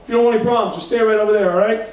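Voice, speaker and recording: A man's voice: sits high, fairly even intonation, very fast, darkish tone, natural voice. A man voicing a stern police officer ordering people to stay back. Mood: commanding. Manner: commanding, warning. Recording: echoey hall from far off.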